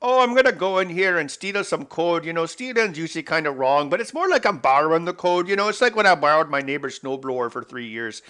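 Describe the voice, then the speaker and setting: A man's voice: on the high side, lively intonation, quick pace, few pauses, sharp tone, clean tone, pitched above the performer's own voice. A man putting on an exaggerated Canadian accent, playing a chatty folksy everyman who rambles with lots of fillers. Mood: folksy bragging. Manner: rambling, filler-heavy storytelling.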